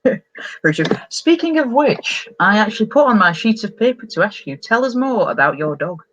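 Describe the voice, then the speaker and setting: A woman's voice: mid-range voice, big pitch swings, normal speed, muffled recording. A woman hosting a casual livestream interview over a video call, chatty and encouraging. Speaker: host.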